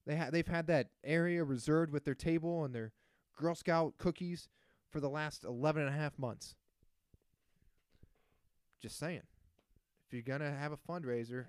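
A man's voice: medium pitch, a little mellow, clean tone, dry recording, studio quality. A man in his thirties hosting a solo podcast, ranting in a sarcastic, crude, casual way. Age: 30s. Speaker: podcast host.

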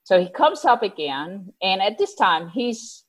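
A woman casually telling a personal story out loud, animated, laughing often and acting out the lines she quotes. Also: medium pitch, a little slow, rough recording. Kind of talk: casual spoken anecdote.

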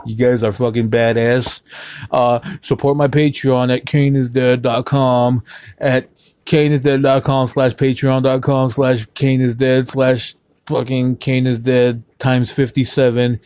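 A man's voice: mid-range voice, little pitch movement, normal speed, a little mellow, clear, resonant tone, dry recording. Profane rambling man hosting his podcast. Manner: profane, rambling, joking, drinking beer on mic. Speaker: podcast host. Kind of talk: casual rambling monologue.

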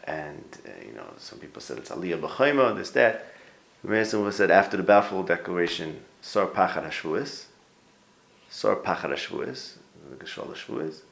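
A man's voice: sits low, animated, normal speed, creaky, fairly bright tone. A man leading an informal Torah class, talking things through and asking his students for words. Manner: conversational, thinks aloud, restarts and quizzes listeners. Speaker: Torah teacher. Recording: roomy echo.

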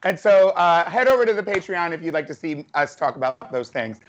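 Playful high-voiced male host, lo-fi. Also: brisk. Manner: playful, teasing, lively. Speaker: podcast host. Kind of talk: casual chat.

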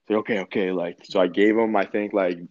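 Laid-back swearing guy from Canada, low voice. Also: steady tone, a little fast, darkish tone, dry recording. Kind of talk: casual storytelling. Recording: dull, slightly muffled dry recording.

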